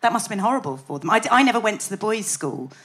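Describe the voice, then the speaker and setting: Give me a woman with a bright, lively voice, chatting dryly on a podcast. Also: mid-range voice, very fast. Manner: dry, wry storyteller, laughing often. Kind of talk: casual chat.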